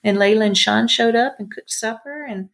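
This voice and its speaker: A woman's voice: a little high, moderate pace. Chatty middle-aged woman telling stories. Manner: chatty, warm storyteller with many fillers. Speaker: ranch owner and bar owner, guest. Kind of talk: casual interview storytelling.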